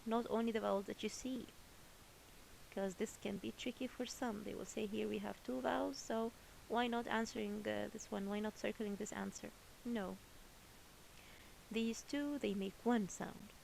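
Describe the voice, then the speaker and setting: A woman's voice: mid-range voice, fairly even intonation, normal speed, gravelly, darkish tone, a little hiss or hum, rough recording. A woman teaching a children's English lesson, patiently repeating each word twice.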